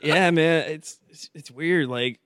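A young man chats as a podcast guest, relaxed and quick to laugh, with casual swearing. His voice sits a little high. The sound is dry and close. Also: clean tone, no room sound. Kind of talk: casual chat.

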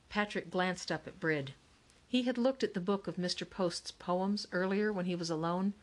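A woman narrating a children's mystery novel in a calm, steady storytelling manner. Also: lowish voice. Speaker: audiobook narrator. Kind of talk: scripted narration.

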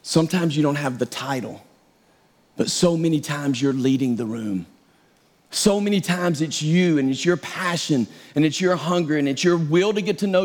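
High-voiced man preaching conversationally. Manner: conversational, self-deprecating preaching with quoted asides. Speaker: pastor. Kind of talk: sermon.

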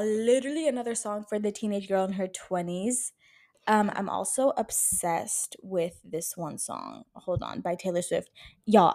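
A woman's voice: medium pitch, darkish tone. A woman in her twenties hosting a casual solo podcast, chatting emphatically, swearing freely and filling her talk with "like" and "bro". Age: 20s. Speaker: podcast host.

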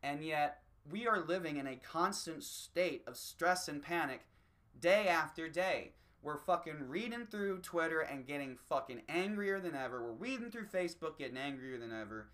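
Bright-voiced man ranting profanely. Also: a little high, expressive, normal speed. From United States. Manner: heavy swearing, rambling, breaks into mocking voices. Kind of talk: profane opinion rant monologue.

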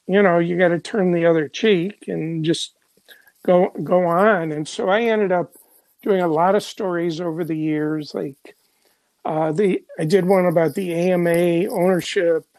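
An older Chicago journalist, a guest in an interview, rambles through stories with many fillers and restarts. His voice is high-pitched, fairly even in intonation, unhurried, and a little mellow, recorded with no echo.

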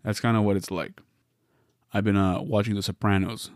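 A West Coast man hosts a solo podcast, riffing through a wry, meandering comedic monologue full of self-interruptions. His lowish voice is a little mellow, fairly even in intonation, at normal speed. The recording is studio quality with no room sound.

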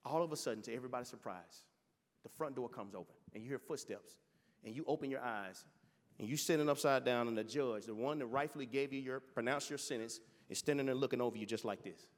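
A man's voice: medium pitch, fast, long reverb tail. A male pastor preaching with passion, telling a story and often restarting his words. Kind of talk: sermon.

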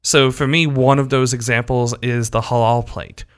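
Mid-pitched guy calmly laying out his take on a podcast, pretty even-keeled. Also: normal speed, smooth. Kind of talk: casual chat.

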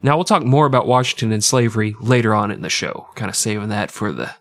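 A man's voice: lowish voice, lively intonation, quick pace, no echo. A man with a nasal voice co-hosting a podcast, telling history as crude, irreverent comedy. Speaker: podcast co-host. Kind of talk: comic history storytelling.

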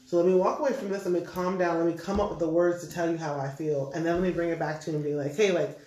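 A man's voice: fairly high pitch, little pitch movement, rapid-fire, darkish tone. A man talking loosely in a casual group chat, rambling and laughing often. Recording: echoey room, off-mic, faint noise.

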